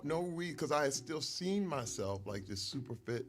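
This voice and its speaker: A middle-aged man, a retired football player and guest, telling stories over a meal in an animated way, laughing often. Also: a little high, a little slow. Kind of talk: casual storytelling over a meal.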